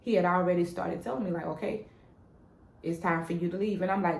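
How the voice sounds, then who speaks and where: A woman's voice: on the low side, a little fast, roomy sound. A woman vlogger talking casually and animatedly to her viewers about her faith, recorded on a propped-up phone at home. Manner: animated and preachy, addresses viewers as "y'all" and "baby". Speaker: vlogger sharing a faith testimony. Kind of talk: casual spoken testimony.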